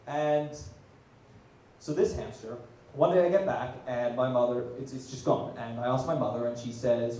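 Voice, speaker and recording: A young man doing a stand-up comedy set, dropping deadpan asides and loud punchlines. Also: medium pitch, moderate pace, recorded from a distance, slight background noise. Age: young adult. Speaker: student stand-up comic. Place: small comedy venue, audience laughing. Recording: very echoey room, heard from afar.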